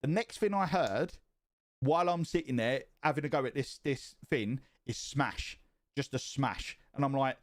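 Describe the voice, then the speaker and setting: A man casually telling a story on his stream, swearing often and getting more and more animated. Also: medium pitch, moderate pace. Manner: profane and animated, rising excitement.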